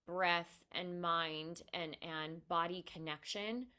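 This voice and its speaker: A woman's voice: fairly low pitch, steady tone, takes it slowly, sharp tone, smooth. A woman podcast host speaking earnestly and emphatically in a conversational interview, often restarting her sentences.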